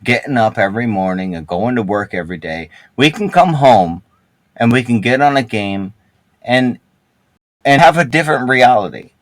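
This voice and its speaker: A man's voice: mid-range voice, animated, normal speed, dry recording, poor audio. A man in a gaming group voice chat who rambles and restarts a lot and swears heavily as he argues. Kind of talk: heated casual voice-chat argument.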